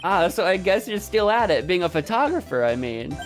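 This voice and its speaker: A woman's voice: fairly low pitch, big pitch swings, brisk, hardly any pauses, soft background music. A woman giving casual, self-mocking commentary while playing a game, chatty and laughing often. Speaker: let's play streamer.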